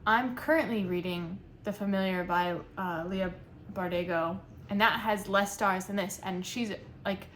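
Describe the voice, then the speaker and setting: A woman's voice: medium pitch, a little slow, a little hiss or hum. Chatty young woman picking apart a book. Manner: chatty, animated and nitpicky critique. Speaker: book reviewer. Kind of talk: casual chat.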